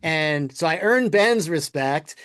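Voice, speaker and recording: A man on a podcast telling a lively workplace anecdote in a casual, animated way, often quoting people and laughing. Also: on the high side, slow pace, dry recording, clean studio sound. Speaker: podcast guest, former game producer. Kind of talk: casual storytelling.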